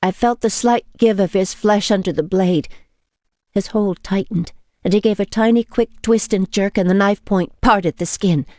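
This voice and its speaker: A woman reading a novel in first person as an audiobook narrator, measured and intimate. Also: medium pitch, warm tone, no room sound, studio quality.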